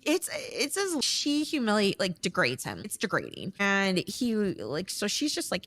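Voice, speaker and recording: A woman's voice: mid-range voice, huge pitch swings, measured pace, hardly any pauses, a bit bright. A woman hosting a casual podcast, recapping a movie in a chatty way with lots of fillers. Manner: chatty, lots of "like", acts out characters in quotes. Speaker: podcast host.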